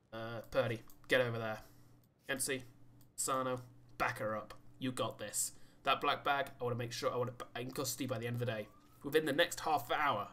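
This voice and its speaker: A man streaming a game, rambling and joking while he reads the game text aloud, with sudden high-pitched exclamations. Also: fairly bright tone. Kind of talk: casual let's-play commentary.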